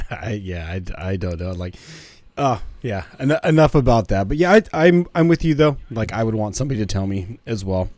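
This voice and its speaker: A young man co-hosting a podcast in casual chat, rambling and halting as he searches for words. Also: lowish voice, big pitch swings, a little mellow, no echo. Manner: rambling, halting, full of restarts. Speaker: podcast co-host.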